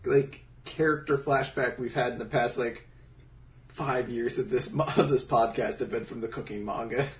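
A man's voice: mid-range voice, fairly even intonation, moderate pace, distant mic. A man co-hosting a casual podcast, joking and rambling with many likes and restarts. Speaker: podcast co-host.

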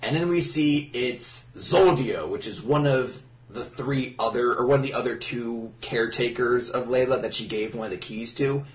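A man's voice: mid-range voice, normal speed, few pauses, recorded from a distance. A man co-hosting a casual podcast, recapping manga chapters with frequent laughter and swearing. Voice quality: laughs often, acts out lines in mock voices. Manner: swears, rambling, animated. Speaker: podcast co-host. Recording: roomy, off-mic sound.

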